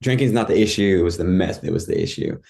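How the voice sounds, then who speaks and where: This podcast guest talks fast, his low, warm voice carrying vocal fry. He recounts his life story casually and candidly, wandering off track with frequent fillers and false starts.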